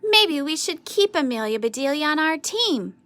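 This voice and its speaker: A woman voicing a calm, thoughtful young boy teammate in a read-aloud storybook, speaking mildly. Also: high voice, moderate pace, pitched above the performer's own voice.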